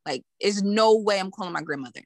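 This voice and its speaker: In casual podcast chat, a woman with a medium-pitched voice tells a story at a quick pace, animated and laughing often as she acts out the voices of the people involved. There's no room sound.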